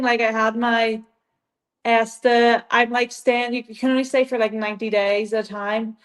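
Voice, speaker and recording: A woman's voice: a little high, little pitch movement, normal speed. A young woman with an Irish accent, a guest chatting casually in an interview, rambling with lots of "like" and frequent laughs. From Ireland. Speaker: guest athlete.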